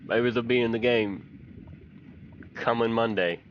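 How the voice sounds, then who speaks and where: A man's voice: mid-range voice, unhurried, dull audio, slight background noise. A man from Texas, giving folksy, chatty commentary on a fishing game and telling fishing stories. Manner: folksy, chatty, excited when fish bite. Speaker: gaming channel host.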